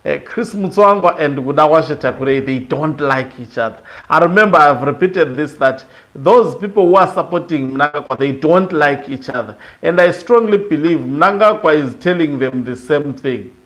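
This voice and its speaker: A man talks through political commentary in a loose, conversational way. His voice sits a little high for a man. He stops and restarts often and fills the gaps with "uh". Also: normal speed, fairly bright tone. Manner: loose and conversational, many fillers and restarts, laughs in between.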